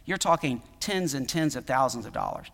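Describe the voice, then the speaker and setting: A man's voice: mid-range voice, expressive, brisk, gravelly, fairly bright tone, long reverb tail. A man preaching a sermon in a conversational, emphatic way, with many fillers and restarts. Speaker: pastor.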